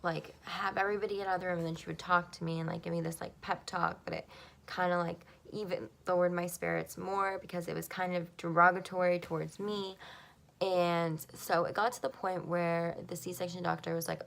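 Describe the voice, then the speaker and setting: A young woman talks straight to the camera and tells her own story, full of "like" and "um" and clearly emotional. Her voice sits a little low and carries a heavy gravelly fry. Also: little pitch movement, normal speed, fairly bright tone. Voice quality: gravelly creak. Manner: emotional, frequent "like" and "um" fillers. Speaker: vlogger.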